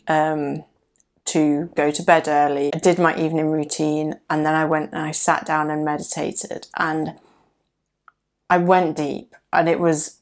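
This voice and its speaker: A woman speaking in a low register with noticeable vocal fry, sharing personal experience in a relaxed solo podcast. She sounds candid and reflective. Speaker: podcast host. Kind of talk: casual solo podcast talk.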